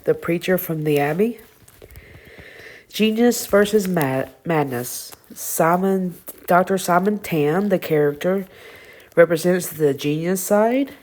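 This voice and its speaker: Slow, low-voiced Southern woman reviewer. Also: darkish tone. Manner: halting, stumbles over names. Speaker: show reviewer. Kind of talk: reading review notes aloud.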